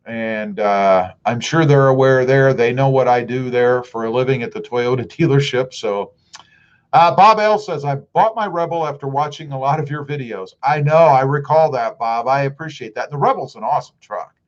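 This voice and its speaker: A man's voice: medium pitch, moderate pace, highs cut off. A middle-aged man with a Southern US accent, chatting casually on a livestream and reading viewer comments aloud. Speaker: livestream host.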